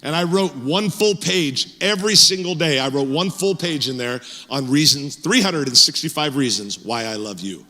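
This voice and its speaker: Male pastor, sermon, animated storyteller, bright forceful voice, church sanctuary. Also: on the high side, normal speed, few pauses. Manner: animated, conversational, frequent fillers and restarts. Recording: echoey church hall.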